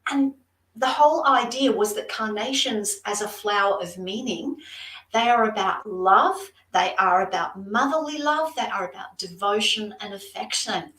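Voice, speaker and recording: Speaking at medium pitch and normal speed in a fairly bright voice, an Australian woman gives live-streamed psychic card readings as a guest, chatty and effusive as she addresses viewers directly. The distant mic picks up a roomy space.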